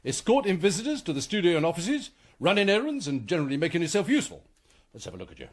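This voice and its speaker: An actor playing a bossy, officious commissionaire sergeant in a radio comedy. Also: male voice, sits high, huge pitch swings, fast, exaggerated voice. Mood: pompous. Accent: former Cockney, now put-on posh. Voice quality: pompous, officious. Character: bossy, fussy male commissionaire sergeant, middle-aged.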